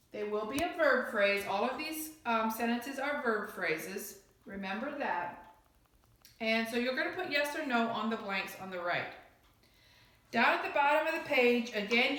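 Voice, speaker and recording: A woman teacher talks students through a grammar lesson with slow, patient explanations and lots of repeated examples. Her voice sits fairly high. The recording is heavily echoey, as if made in a bare room. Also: fairly bright tone.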